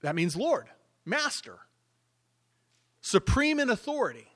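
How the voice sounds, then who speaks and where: Male pastor with a slightly high voice, emphatic preaching that swings between hushed and loud. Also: wildly swooping pitch, measured pace. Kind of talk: sermon.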